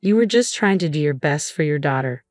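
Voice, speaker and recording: A woman's voice: deep voice, lively intonation, fairly quick, no room sound, studio quality, faint music behind. A woman voicing a concerned, protective adult man in a storybook reading, speaking earnestly and reassuringly.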